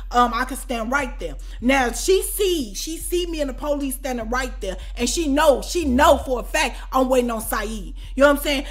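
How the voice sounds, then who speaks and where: A woman vlogger telling a story in a casual, animated way, swearing often and quick to shout. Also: sits high.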